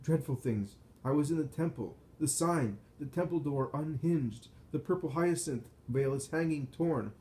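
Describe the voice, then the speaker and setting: A man's voice: fairly high pitch, normal speed, few pauses, warm tone, pitched above the performer's own voice, natural voice. A man reading as a distraught elderly rabbi who pleads in anguish, his voice raised and urgent. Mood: frantic.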